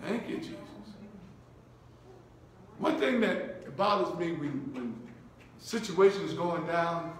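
High-voiced bishop preaching in an echoey church. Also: male voice, expressive, slow, pauses often, a little hiss or hum. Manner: call-and-response, repeats short commands, asks "you follow me?". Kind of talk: sermon. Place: church sanctuary.

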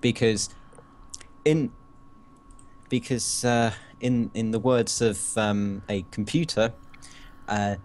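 A young man with a fairly low voice joins a let's-play as a co-player. He talks casually, halting often with ums and restarted phrases as he explains his moves. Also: steady tone, a little mellow. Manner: hesitant, full of ums and restarts. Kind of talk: casual gaming chat.

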